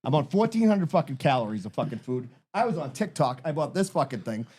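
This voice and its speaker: A man in his thirties rants on a casual podcast, worn out and fed up. He swears constantly as he talks, and his voice sits a little high for a man. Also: big pitch swings, quick pace, a little mellow, slightly rough. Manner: profane, ranting, exasperated. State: tired. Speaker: podcast co-host. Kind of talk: casual chat.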